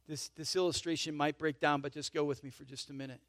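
A man preaching a sermon in a conversational way, checking in with "right?" and "okay?" and swinging from emphatic swells to soft asides. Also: fairly high pitch, fairly even intonation, fairly quick, hardly any pauses, no echo, studio quality. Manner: emphatic swells in volume, then drops to soft intimate asides. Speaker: pastor.

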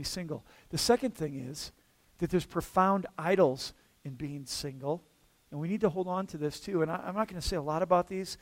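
A man preaching a conversational sermon as pastor, often checking in with listeners with a quick "okay?" or "all right?". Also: fairly high pitch. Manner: casual, checks in with the room with frequent "okay?".

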